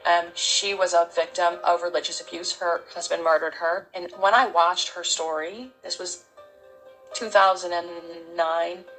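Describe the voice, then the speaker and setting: A middle-aged woman, an interview guest, gives a halting, heartfelt personal testimony full of restarts. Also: lowish voice, fairly even intonation, a bit bright, faint music behind, poor audio.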